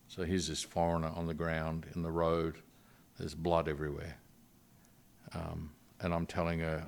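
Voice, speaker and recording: Middle-aged male missionary guest with a deep, low voice; earnest, halting storytelling. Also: gravelly. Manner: earnest, halting retelling with frequent restarts. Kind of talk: personal storytelling in a podcast interview.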